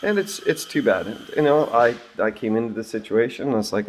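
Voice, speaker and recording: A middle-aged man telling a story and reflecting on it in a casual monologue, with lots of fillers and throat-clearing. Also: medium pitch, lively intonation, fairly quick, few pauses. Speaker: vlogger and job-site supervisor.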